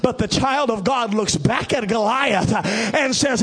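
A middle-aged male pastor preaching a sermon, building to drawn-out shouted emphasis. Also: very high-pitched, a little hiss or hum.

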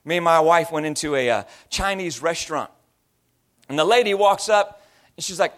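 A man's voice: on the high side, normal speed. A male pastor in his thirties or forties preaching a sermon in a conversational storytelling way, often slipping into voices and accents he imitates.

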